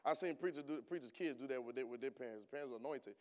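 Speaking rapid-fire at a medium pitch, this male preacher chats informally with the church congregation. He peppers them with rhetorical questions and then swells into loud, emphatic outbursts.

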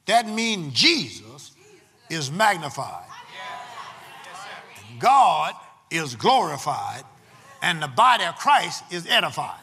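A man preaching a sermon from the pulpit, swinging between loud, drawn-out proclamations and quick, quiet asides to the congregation. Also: fairly high pitch, big pitch swings, vocal fry, in a large hall. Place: church sanctuary.

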